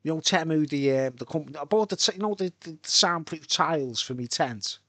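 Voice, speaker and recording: A man's voice: on the high side, animated, a little fast, sharp tone, no echo. A man from Birkenhead with a Merseyside accent, chatting casually on a live stream and tagging "right?" onto his sentences. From Birkenhead, England. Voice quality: chatty, repeats "right?" often. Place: home, tent with soundproof tiles.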